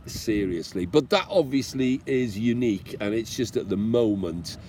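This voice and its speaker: A man's voice: on the low side, animated, moderate pace, mellow, slight background noise. Chatty British man vlogging outdoors. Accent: British English. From Britain. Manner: chatty, encouraging, self-mocking, jokingly tearful. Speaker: motorcycle travel vlogger. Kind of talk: casual chat to camera.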